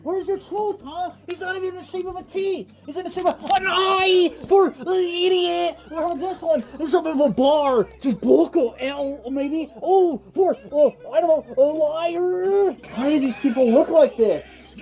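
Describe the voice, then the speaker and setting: A woman's voice: very high voice, normal speed, few pauses, a little mellow. A woman doing satirical reaction commentary, mocking and indignant, firing off rhetorical questions. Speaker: comedic character host reacting to videos.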